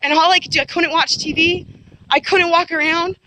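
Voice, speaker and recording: A very high-pitched woman talks fairly quickly in a steady, bright, forceful tone, with a little hiss or hum and poor audio overall. Addressing the camera, she gives an earnest, insistent account of her own experience, rambling, repeating herself, and restarting often amid many fillers.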